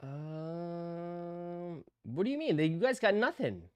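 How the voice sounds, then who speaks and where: Man, casual live stream host, laid-back slangy chat, slow talker, smooth voice. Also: high-pitched, lively intonation, darkish tone, dry recording.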